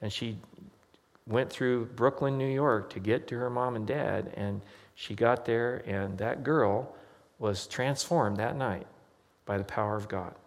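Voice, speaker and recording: Male pastor, conversational sermon storyteller, middle pitch, recorded in a reverberant church hall. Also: measured pace. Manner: conversational storytelling with quoted voices.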